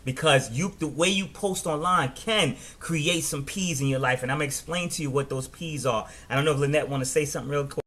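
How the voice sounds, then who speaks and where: A middle-aged man with a New York accent, giving a casual, animated business training talk and often restarting his words. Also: on the high side, brisk, hardly any pauses. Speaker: network marketing trainer.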